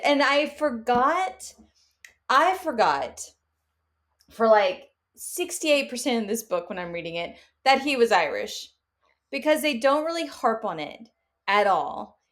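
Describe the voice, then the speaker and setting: A woman's voice: a little high, big pitch swings, slow. A woman co-hosting a podcast in casual book chat, laughing often as she talks. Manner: laughs often while talking. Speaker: podcast co-host.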